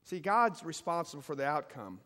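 A man's voice: fairly high pitch, very animated, fairly quick, fairly bright tone, in a large hall. A male pastor preaching a sermon to his congregation, building to emphatic peaks and leading them in call and response. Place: church sanctuary.

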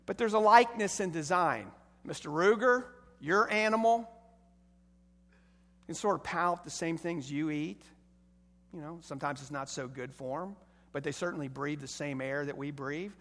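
A middle-aged man preaching a sermon as pastor, emphatic and building to loud bursts. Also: on the high side, moderate pace, big-room sound.

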